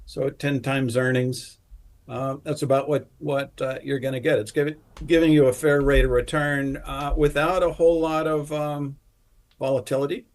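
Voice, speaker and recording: Older man recalling his career, unhurried. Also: mid-range voice, flat delivery, a little mellow. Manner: reminiscing, unhurried, with many fillers. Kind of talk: casual chat.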